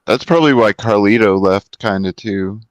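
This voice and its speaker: A man's voice: lowish voice, normal speed, no room sound, dull audio. A man guest in a casual chat, laid-back, mostly giving short agreeing replies.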